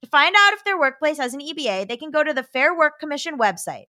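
A woman co-hosting a podcast, reading a listener's letter aloud in a steady voice and chatting casually, laughing now and then. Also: sits high, fast, dry recording, clean studio sound. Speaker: podcast co-host.

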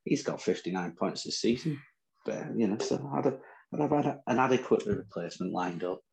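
A man's voice: on the low side, animated, brisk, gravelly, a little mellow, low-quality recording. A man with a Northern English accent, co-hosting a chat podcast and trading boastful, teasing banter. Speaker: podcast co-host. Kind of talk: casual chat about fantasy football.

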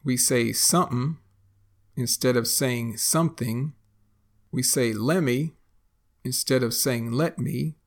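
A man teaching slang in a slow, careful, scripted podcast lesson with examples. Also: medium pitch, fairly even intonation.

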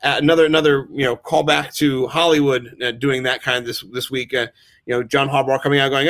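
A man's voice: mid-range voice, steady tone, fairly quick, fairly bright tone, no room sound. A man hosting a casual sports podcast, telling rambling stories with frequent stammered restarts. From Maryland, United States. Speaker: podcast host.

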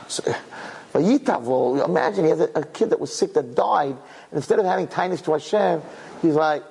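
A man's voice: high voice, lively intonation, moderate pace, creaky, a little mellow, husky. A man telling an inspirational story to an audience, emotional and repeating words for emphasis. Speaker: religious speaker. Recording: long hall reverb.

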